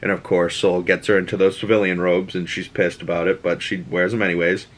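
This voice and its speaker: A man's voice: sits low, flat delivery, a little fast. A young man with a Boston accent hosting his own show, casually recapping a TV episode and ranting profanely, acting out the characters' lines in shifting voices. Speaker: show host.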